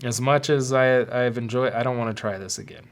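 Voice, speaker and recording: Man of middling pitch hosting a confessional podcast, halting and repeating himself. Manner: halting, repeats words while searching for them. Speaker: podcast host. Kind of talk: confessional personal monologue.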